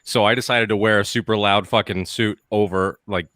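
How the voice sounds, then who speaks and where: A man's voice: on the low side, steady tone, brisk, a bit bright, no echo. A man joining a casual chat as a guest, talking eagerly and stumbling over words.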